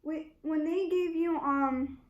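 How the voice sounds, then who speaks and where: A woman's voice: high-pitched, fairly even intonation, takes it slowly, lo-fi sound. A young woman vlogging a life update at home, rambling and quoting herself and others over and over. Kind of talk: casual life update vlog. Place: room at home with door shut.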